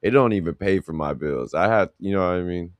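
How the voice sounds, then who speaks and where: A man with a very deep voice chats on a podcast in a slangy, rambling, laid-back way. The sound is dry and close, with no room around it. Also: fairly quick, no echo. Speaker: podcast co-host. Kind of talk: casual chat.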